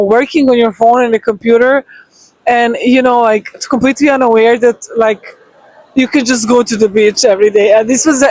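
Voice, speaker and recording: A woman talking casually and excitedly to her phone camera on a beach at sunrise, full of "like" and "you know". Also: on the high side, no echo, rough recording. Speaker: vlogger. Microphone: phone propped on the beach.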